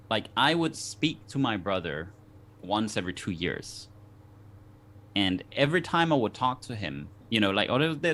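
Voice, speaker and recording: A man's voice: fairly low pitch, fairly bright tone. A man from Denmark, a guest on a talk show, telling a personal story in an earnest, reflective way with many restarts.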